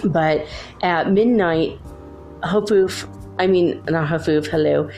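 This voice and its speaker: A woman's voice: deep voice, takes it slowly, darkish tone, faint music behind. A woman hosting a casual solo spiritual talk from her room at home, bubbly and full of "like"s. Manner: chatty, bubbly, many "like"s. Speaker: spiritual channel host.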